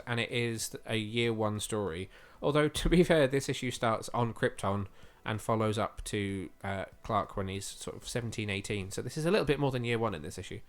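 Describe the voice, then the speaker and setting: A man's voice: mid-range voice, clear, resonant tone. A man co-hosting a podcast, chatting eagerly with lots of fillers, his voice slightly going. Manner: chatty and enthusiastic, with frequent fillers. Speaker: podcast co-host. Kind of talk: casual podcast chat.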